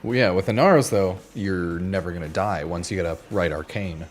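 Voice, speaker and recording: A man streaming a game, chatting casually in an animated, ranting way with frequent exclamations. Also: low-pitched, brisk, soft background music. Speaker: gaming streamer. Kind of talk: casual chat.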